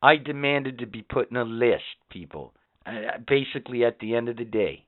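A man's voice: medium pitch, moderate pace, no room sound. A man co-hosting a casual podcast chat, telling stories in an angry, profane rant. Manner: profane, ranting storyteller. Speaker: podcast co-host. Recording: tinny phone-like sound.

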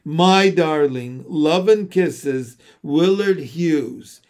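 A man's voice: fairly high pitch, extremely slow, darkish tone. A man reading aloud voices a bold, inventive young girl who dictates with eager emphasis. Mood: bossy, eager.

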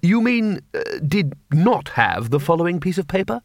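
A man's voice: sits high, big pitch swings, darkish tone, dry recording, clean studio sound, voice pushed up. A man doing a bluff, blustering old wizard. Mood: puzzled. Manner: blunt, halting, stammering. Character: bluff, blustering older male wizard chancellor.

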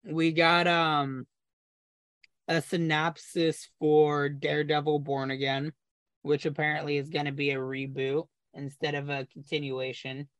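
A man's voice: fairly high pitch, flat delivery, unhurried, a bit bright, clean tone, no room sound. A man co-hosting a podcast, explaining eagerly at length in casual chat and sometimes stumbling over his words. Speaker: podcast co-host.

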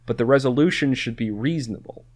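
A man's voice: medium pitch, quick pace. A man co-hosting a podcast, chatting casually and rambling with many restarts and fillers. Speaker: podcast co-host. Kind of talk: casual chat.

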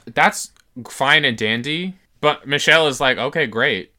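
A woman's voice: low-pitched, unhurried, bright, forceful tone. A woman co-hosting a podcast, talking bluntly and teasing her co-host in casual chat.

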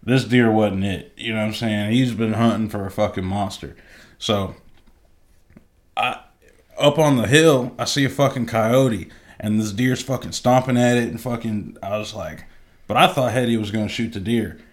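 Male podcast co-host, relaxed, laughs a lot, casual slang-heavy banter. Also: on the low side, moderate pace. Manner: laid-back, laughs often, slangy and profane.

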